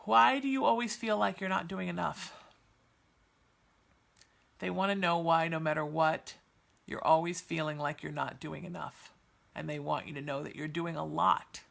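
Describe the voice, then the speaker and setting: A woman's voice: sits low, moderate pace, gravelly, long pauses, a bit bright. A woman hosting a podcast and giving live psychic readings to chat viewers, soothing and reassuring, chatty with many fillers. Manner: soothing, reassuring, calls listeners sweetheart.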